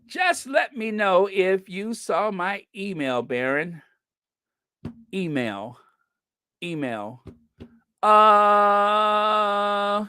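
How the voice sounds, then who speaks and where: An unhurried, chatty livestream host from the US who lets each thought run on and giggles at their own jokes. The sound is dry and close, with no room around it. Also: medium pitch, bright, forceful tone, clear, resonant tone, dry recording. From United States. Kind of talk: casual livestream chat.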